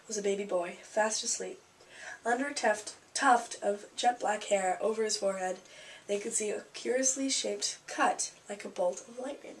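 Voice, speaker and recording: A woman reads a children's novel aloud in a casual, homespun way, stumbling on a word now and then. Her voice sits mid-pitched. The mic is a little far off with a faint hiss. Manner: casual, with small slips and asides. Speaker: audiobook reader.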